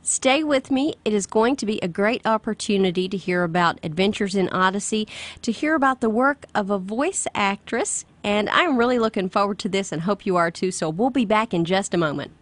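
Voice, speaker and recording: A woman's voice: mid-range voice, lively intonation, fairly quick, no room sound. A woman with a Southern accent from the Kentucky-Tennessee border, hosting a casual radio interview with lots of enthusiasm and laughter. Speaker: radio host.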